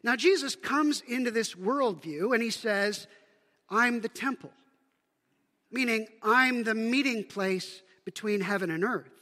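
A Canadian man preaches in a high, bright voice, talking easily and posing rhetorical questions to his listeners. His words ring out with a long reverb through a church sanctuary. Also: a little slow. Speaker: pastor. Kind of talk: sermon.

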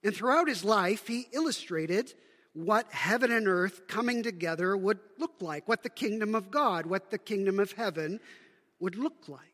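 A man's voice: high voice, lively intonation, normal speed, a bit bright, long reverb tail. A man from Canada preaching a sermon as pastor, conversational, asking the congregation rhetorical questions.

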